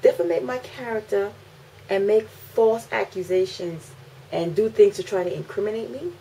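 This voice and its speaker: A woman, ranting to camera as a mother, indignant and repeating phrases for emphasis, swinging between loud outbursts and low, weary lines. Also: moderate pace, creaky, slight background noise, rough recording. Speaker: mother making a video complaint. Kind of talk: emotional rant to camera.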